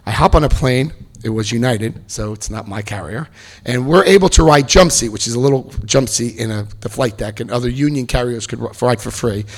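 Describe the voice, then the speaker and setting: A man's voice: medium pitch, fairly quick. A middle-aged man telling his recovery story to an audience, acting out the voices of the people in it. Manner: animated storyteller acting out quotes. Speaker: speaker sharing recovery story. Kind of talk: personal testimony to an audience.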